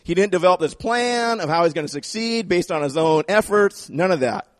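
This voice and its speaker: A man preaching a sermon in an animated way, repeating phrases for emphasis and acting out the voices he quotes. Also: sits high, brisk, dry recording, clean studio sound. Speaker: pastor.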